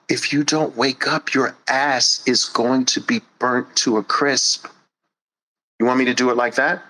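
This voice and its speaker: A man's voice: mid-range voice, sharp tone, rough recording. A man hosting a podcast, giving a blunt, passionate monologue with crude emphasis. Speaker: host.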